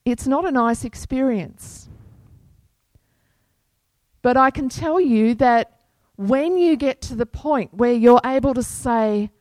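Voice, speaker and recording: A woman pastor preaching a sermon to her congregation in an unhurried, earnest manner, quoting scripture. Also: on the high side, darkish tone, no echo.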